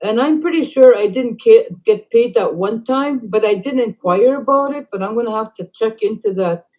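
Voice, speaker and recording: A middle-aged woman telling a long story in casual talk, rambling with many fillers and dropping to quiet asides. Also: on the high side, moderate pace. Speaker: band councillor. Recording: dull lo-fi recording.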